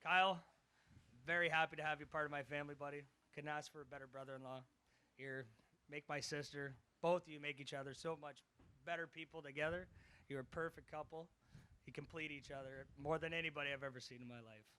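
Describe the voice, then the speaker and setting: A man, the bride's brother, giving a heartfelt wedding toast with some teasing, getting loud when addressing the couple by name. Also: on the high side, steady tone, quick pace, clear, resonant tone. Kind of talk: wedding speech. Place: wedding reception.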